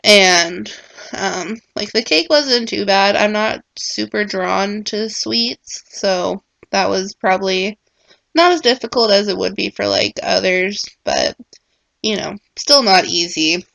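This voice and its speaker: A woman's voice: mid-range voice, slow, gravelly, fairly bright tone, no echo. A young woman talking casually in a personal vlog, rambling and full of filler words. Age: young adult. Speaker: vlogger.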